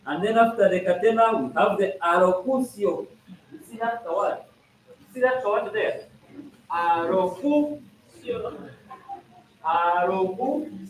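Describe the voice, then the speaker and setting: A high-pitched man addresses students at a school congress, walking them through procedures in an instructional talk. He's interactive, often checking the room with "are we together?", and playful, acting out examples and joking. The audio comes from a distant mic in an echoey hall, with some noise.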